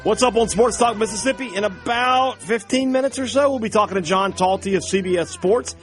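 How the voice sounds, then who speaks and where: A man's voice: sits high, a little fast, faint music behind. A man co-hosting a sports radio show, trading wry, joking banter. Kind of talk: casual sports talk radio. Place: radio studio.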